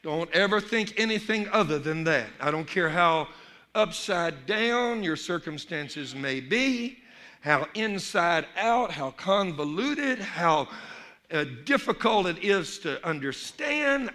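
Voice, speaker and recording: Male preacher, high and bright, fervent sermon delivery with shouted peaks. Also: expressive, slow pace. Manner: builds to shouted emphasis, then drops low; storytelling in a Cajun dialect for the joke characters. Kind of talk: sermon with a folksy joke.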